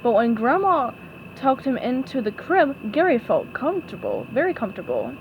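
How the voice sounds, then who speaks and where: Animated woman reading a storybook. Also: on the high side, normal speed, dull audio, a little hiss or hum. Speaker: storybook reader. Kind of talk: storybook read-aloud narration.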